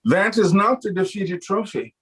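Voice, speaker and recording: A man voicing a stern, husky male official. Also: sits high, sing-song, normal speed, fairly bright tone, voice pushed up, full character voice, rough recording. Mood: firm. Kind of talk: voice acting read in a recording session.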